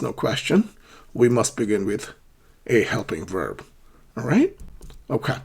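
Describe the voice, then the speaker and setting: Husky-voiced man teaching English grammar. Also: medium pitch, a little mellow. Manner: patient, repeats examples with clear question intonation. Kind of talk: ESL grammar lesson.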